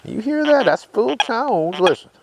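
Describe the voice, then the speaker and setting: A man's voice: extremely high pitch, very animated, a little slow, crowd noise, low-quality recording. A man hosts a metal detecting video, demonstrating his detector in a folksy way and checking in with viewers as he goes. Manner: folksy, keeps checking in with listeners. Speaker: metal detecting channel host. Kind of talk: hands-on demonstration. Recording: loud detector tones behind the voice.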